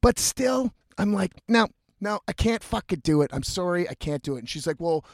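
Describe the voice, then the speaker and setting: A man's voice: high-pitched, animated, moderate pace, no echo. Profane, rambling man telling a story. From Canada. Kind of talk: casual storytelling.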